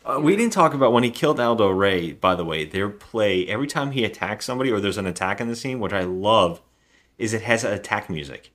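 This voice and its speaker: A man's voice: fairly low pitch, brisk. Man retelling a movie scene by scene. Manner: animated retelling, acting out characters' lines. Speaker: podcast co-host. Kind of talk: casual chat about a movie.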